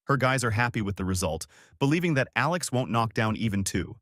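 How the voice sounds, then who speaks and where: Lively-voiced male recap narrator. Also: medium pitch, a little fast, dry recording, clean studio sound. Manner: steady present-tense plot summary. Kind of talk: scripted story recap narration.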